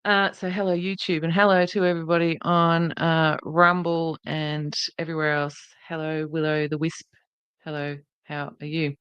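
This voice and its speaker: A podcast host runs a livestream in a casual, chatty way, greeting viewers by name while speaking earnestly and indignantly. Her low voice is smooth and level at a moderate pace, with no echo but a muffled recording.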